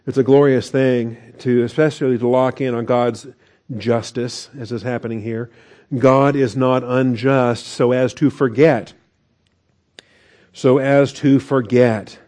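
A man's voice: medium pitch, dark tone. A man preaching a conversational sermon as pastor, with asides and chuckles.

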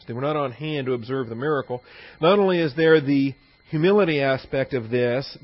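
A middle-aged pastor teaching a sermon in a conversational, digressive way, with anecdotes and chuckles. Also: male voice, mid-range voice. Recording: slightly dull lo-fi sermon recording.

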